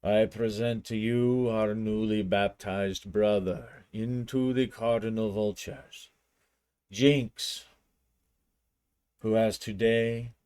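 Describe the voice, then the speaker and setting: Older mob patriarch played by a man, low and slow, grave ceremonial delivery. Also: darkish tone, clear, resonant tone. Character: gang boss father, older man, solemn.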